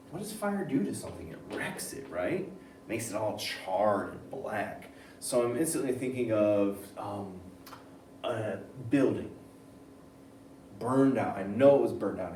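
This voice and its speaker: A man with a lowish voice teaches a reading lesson animatedly, switching between reading aloud and thinking aloud. The recording sounds roomy, with a distant mic, faint ambience, and a little hiss or hum.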